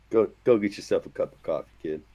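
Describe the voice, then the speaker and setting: A man's voice: lowish voice, normal speed, dark tone. A man co-hosting a casual sports podcast, telling loose, laughing stories full of mimicked quotes and swearing. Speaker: podcast co-host. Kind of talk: casual chat.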